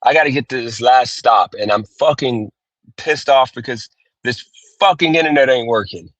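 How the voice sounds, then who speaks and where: A man's voice: mid-range voice, moderate pace, a bit bright, no echo. A man livestreaming from his car as a gig worker, ranting, cursing and repeating himself in frustration. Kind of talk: frustrated live-stream rant. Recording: dull dry phone audio.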